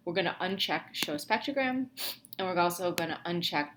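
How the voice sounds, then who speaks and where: Young woman instructor, casual, lots of ums, fairly low voice, bit of background hiss. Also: animated, brisk. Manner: casual, thinking aloud, many ums and restarts. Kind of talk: screen-recorded lab tutorial.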